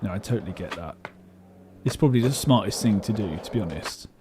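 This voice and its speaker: A man's voice: on the low side, animated, fast talker, noisy background. A man streaming a game and chatting casually, rambling and poking fun at himself. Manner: rambling, self-mocking, chatty. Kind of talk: casual live-stream chat while gaming.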